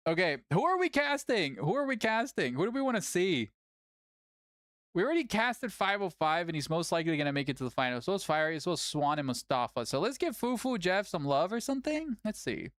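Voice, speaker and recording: A tournament host chatting casually on a livestream, animated, laughing often and swearing casually. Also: mid-range voice, fairly quick, no room sound, clean studio sound.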